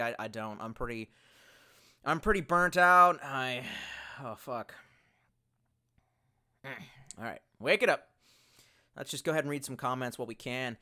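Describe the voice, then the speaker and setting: A man's voice: medium pitch, sharp tone, clear, resonant tone. A young man hosting a casual livestream in a rambling, profane, exasperated way, talking into a headset. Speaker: livestream host. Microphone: bluetooth headset.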